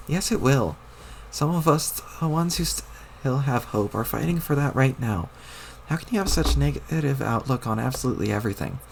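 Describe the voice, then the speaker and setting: A man's voice: medium pitch, animated, moderate pace, creaky, slight background noise. A man reading a webcomic aloud, putting on the voice of a bossy, exasperated young girl who scolds and swears. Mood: indignant.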